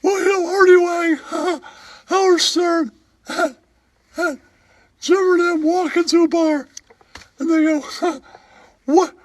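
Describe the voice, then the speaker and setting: A man talking in a slow, offhand way during a comedy bit. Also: extremely high pitch, fairly even intonation.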